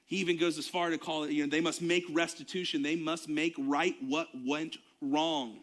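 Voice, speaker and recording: A man's voice: fairly high pitch, steady tone, normal speed, hardly any pauses, a bit bright. A young adult man, preaching a sermon to his congregation in a conversational way, with fillers and asides. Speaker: pastor.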